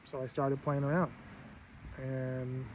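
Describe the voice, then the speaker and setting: A man's voice: little pitch movement, takes it slowly. A man telling an aggrieved, profane personal story as a vlogger, complaining about his doctors. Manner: profane, aggrieved, quotes others in his own voice. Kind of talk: angry personal rant. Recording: muffled low-fi audio with faint background noise.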